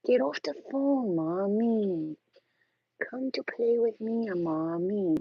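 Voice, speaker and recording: Woman doing a whiny, breathy pet dog voice. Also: medium pitch, expressive, slow, dry recording, lo-fi sound, voice pushed up, heavily acted. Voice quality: breathy, half-whispered baby talk. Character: pampered female pet dog begging for attention.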